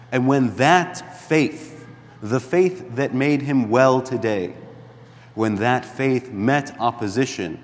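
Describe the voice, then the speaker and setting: A man preaching a sermon as a priest in a church, deliberate and emphatic, dropping to a hush at times. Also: medium pitch, in a large hall. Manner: slow, deliberate preaching with emphatic rises and hushed drops.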